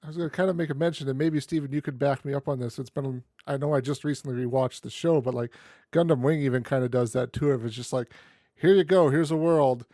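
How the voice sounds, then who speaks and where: A man's voice: mid-range voice, fairly even intonation, fast talker, warm tone, no room sound, studio quality. A man hosting a casual podcast, easygoing and laughing often between remarks. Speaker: podcast host.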